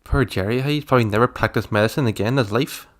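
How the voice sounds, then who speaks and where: Joking podcast co-host. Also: male voice, mid-range voice, fast talker. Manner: joking, teasing reactions. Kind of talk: casual chat.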